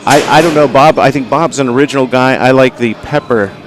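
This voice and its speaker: Over a noisy background, a man with a medium-pitched voice and a Southern US accent commentates live at an outdoor bucking bull event for a livestream. He talks briskly, in a folksy, rambling way packed with fillers.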